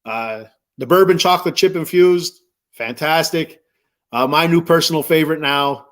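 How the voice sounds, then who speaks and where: A man's voice: fairly high pitch, normal speed, a bit bright. A man hosting a casual sports talk stream, rambling with lots of fillers and repeats. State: choked up. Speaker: sports podcast host.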